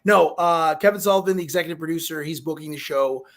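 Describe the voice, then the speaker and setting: A man from Chicago hosts a live show in a loose, joking chat. He rambles and fills his talk with fillers. His voice sits a bit high for a man. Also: fast talker, a bit bright. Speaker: host.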